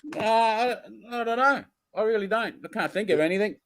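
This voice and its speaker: An Australian man with a notably high voice talks in a relaxed, casual way. He keeps the conversation moving with short, curious questions. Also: a little fast. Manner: inquisitive, asks questions. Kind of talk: casual chat.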